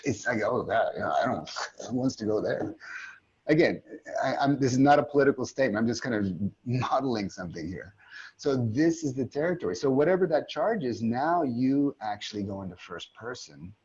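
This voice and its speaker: Calm husky man teaching over a call. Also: medium pitch, normal speed, dull audio. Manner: calm, reflective, many restarts. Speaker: aikido teacher leading a community call. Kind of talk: guided teaching talk. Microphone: video call.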